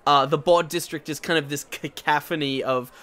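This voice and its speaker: Male game master, slightly high voice, halting narration full of fillers. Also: fairly even intonation, pushed and bright. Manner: hesitant, many fillers and restarts.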